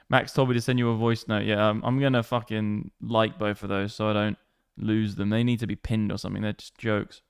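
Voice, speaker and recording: A man's voice: on the low side, little pitch movement, brisk, gravelly, hardly any pauses, clear, resonant tone, no echo, clean studio sound. A man hosting a live crypto trading stream, chatting with swearing, hyped banter. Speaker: livestream crypto trader.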